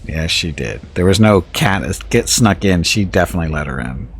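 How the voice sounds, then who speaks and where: A man's voice: low voice, lively intonation, moderate pace, slight background noise. A male streamer chatting casually, telling a home anecdote with restarts and chuckles. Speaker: game streamer. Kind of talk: casual chat.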